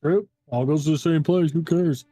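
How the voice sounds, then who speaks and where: A man runs a tabletop game as game master, describing the scene in a relaxed, filler-heavy way. His voice sits fairly high. The mic is dry and close, with faint background music. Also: normal speed, no room sound. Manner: casual, filler-heavy narration with many "um" and "like".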